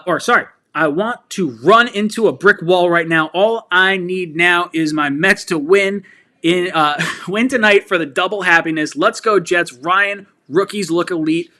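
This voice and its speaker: A man hosting a live fan stream who reads viewer comments and gets excitable and fired up, laughing and shouting. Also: fairly high pitch. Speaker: sports fan channel host.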